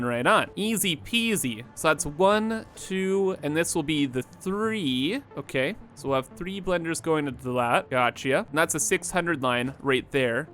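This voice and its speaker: A man's voice: sits high, a bit bright. Playful man narrating his own gameplay. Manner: playful, chatty, talks to himself and to viewers. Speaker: gaming video host. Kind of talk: let's-play commentary while building.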